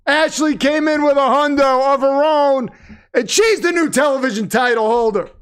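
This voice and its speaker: A man hosting a live watch-party stream from a home setup, chatting casually and breaking into loud wrestling-announcer shouts. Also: very high voice, normal speed. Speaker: livestream host.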